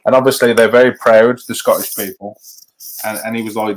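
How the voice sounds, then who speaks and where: A man's voice: on the low side, steady tone, fairly quick, low-quality recording. An English man chatting as a guest, rambling and restarting sentences as he tells a story. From United Kingdom. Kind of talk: casual chat.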